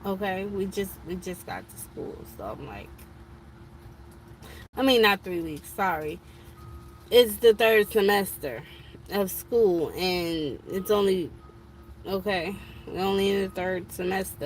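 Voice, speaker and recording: A woman's voice: on the low side, a little hiss or hum. A woman talking on a casual live stream from an eye doctor's office, telling a frustrated story about her son's school. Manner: chatty, exasperated storytelling. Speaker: vlogger.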